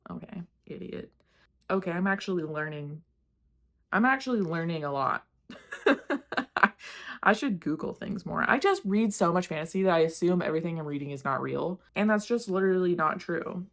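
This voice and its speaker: A woman talks through the books she read this month in a loose, off-the-cuff style. Her voice sits a little on the low side, and she wanders between thoughts. She laughs at her own mistakes and swears offhandedly. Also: expressive, brisk, fairly bright tone. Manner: candid, rambling, self-deprecating, swears casually. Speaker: book reviewer. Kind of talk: casual book wrap-up chat.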